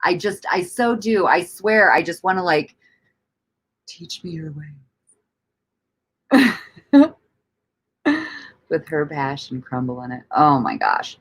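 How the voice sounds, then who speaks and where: A woman with a low voice chats on a livestream, reading comments aloud and answering them. Her pitch swings widely as she rambles. She laughs often, stumbles over words, and swears freely. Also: wildly swooping pitch, takes it slowly, pauses often, breathy edge. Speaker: livestream host.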